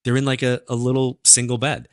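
A man, a psychic medium telling stories as a podcast guest in an animated, chatty way full of fillers. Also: medium pitch, a little fast, no echo, studio quality. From New York. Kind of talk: casual interview storytelling.

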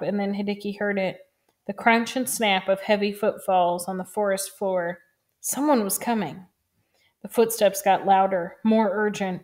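Woman reading a novel aloud. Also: mid-range voice. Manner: calm, even, quietly measured reading. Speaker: reader.

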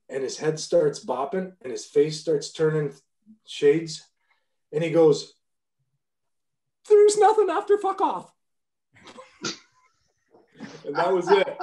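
A man in his fifties tells stories from his playing days as a podcast guest, blunt and profane, with frequent restarts. His voice sits a bit high yet sounds dark and mellow. The room around him is echoey. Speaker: guest, former pro hockey player. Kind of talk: casual storytelling interview.

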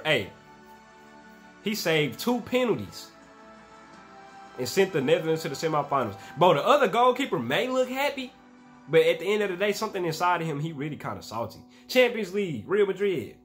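A young man in his twenties hosting a reaction video, talking in casual slang and bursting into shouts and laughs at the highlights.

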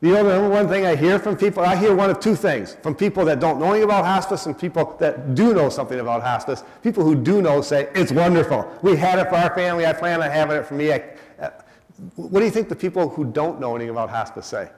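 A man's voice: a little high, quick pace, darkish tone. A man, a hospice educator telling stories to an audience and quizzing them as he goes. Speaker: guest speaker, hospice educator. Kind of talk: storytelling talk to an audience. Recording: long hall reverb.

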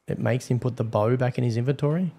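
A man's voice: medium pitch, quick pace, vocal fry, warm tone, a little hiss or hum. A man with an Australian accent gives casual, blunt gameplay commentary as a server admin. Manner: casual, blunt, swears freely.

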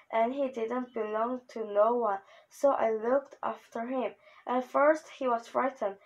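A woman's voice: fairly high pitch, muffled recording. A woman reading as a cheeky streetwise boy. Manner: boastful, chatty, slangy.

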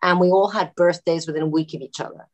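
A middle-aged actress chatting as a podcast guest, telling anecdotes and laughing often. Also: female voice, lowish voice, steady tone, fast, lo-fi sound. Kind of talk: casual podcast interview.

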